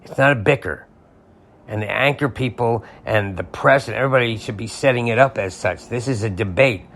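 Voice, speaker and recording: A man's voice: mid-range voice, a little fast, a bit bright. A man hosting a podcast, delivering an angry, sarcastic political rant with some profanity. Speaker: podcast host.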